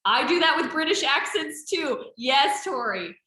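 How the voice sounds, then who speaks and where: Bright, lively woman in an echoey room. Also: high voice, measured pace. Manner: lively, talkative, encouraging. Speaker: trainer answering team questions. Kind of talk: casual group chat. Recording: roomy echo.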